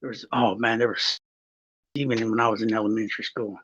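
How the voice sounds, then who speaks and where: A man's voice: on the low side, little pitch movement, a little fast, a bit bright, breathy edge. A man from Texas in casual podcast chat, telling stories with lots of swearing and restarts. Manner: rambling, swearing, storytelling. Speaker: guest. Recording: slightly muffled recording.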